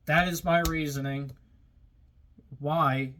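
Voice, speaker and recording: A man's voice: a little high, steady tone, slow pace, fairly bright tone, a little hiss or hum. A man hosting his own car-building videos, talking casually to viewers in a plain-spoken way that gets a little worked up. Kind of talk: casual workshop talk to viewers.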